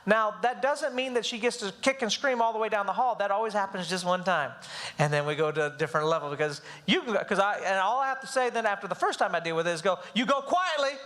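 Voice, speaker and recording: High-voiced man teaching a parenting class. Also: fast talker. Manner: animated, acts out whiny children's voices. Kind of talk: live church class talk.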